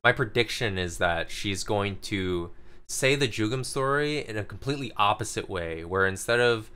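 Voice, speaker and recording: Bright-voiced man chatting about manga. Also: on the low side, expressive, normal speed, clear, resonant tone. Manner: rambling, lots of "like" fillers. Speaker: podcast co-host. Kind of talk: casual manga review chat.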